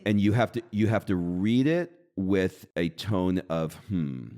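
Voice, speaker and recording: A man co-hosting a podcast, explaining an exercise in a casual, coaching way and slowing down for deliberate readings. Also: low voice, mellow. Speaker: podcast co-host. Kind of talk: casual conversational teaching.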